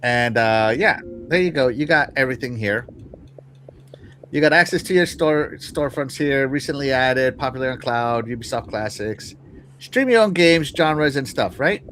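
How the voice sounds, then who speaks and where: A man's voice: medium pitch, animated, normal speed, fairly bright tone, slight background noise. A man hosting a casual live-stream show, talking to his chat with lots of fillers and restarts. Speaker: podcast host.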